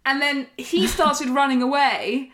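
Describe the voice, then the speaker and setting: A young woman hosting a podcast, telling a self-deprecating anecdote with animated delivery and laughter. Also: high-pitched, unhurried. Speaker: podcast host.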